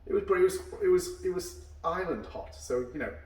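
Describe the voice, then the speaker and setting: A man's voice: high-pitched, animated, fairly quick, a little mellow, a little hiss or hum. A man hosting a casual podcast chat over a beer, telling long anecdotes and acting out what others said. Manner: long rambling anecdotes, acting out quoted dialogue. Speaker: karate instructor and podcast host. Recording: echoey room, mic at a distance.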